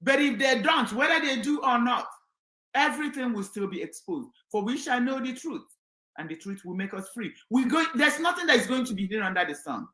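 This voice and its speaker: A woman's voice: on the high side, animated, fairly quick, pushed and bright, roomy sound, low-quality recording. A woman from Nigeria, giving a fiery, defiant political monologue that often turns to preaching. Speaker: political commentator. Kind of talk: impassioned monologue.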